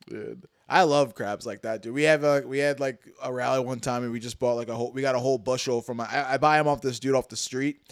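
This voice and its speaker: A man's voice: mid-range voice, steady tone, quick pace, hardly any pauses, clean tone, no echo. A man hosting a casual chat, laid-back and slangy.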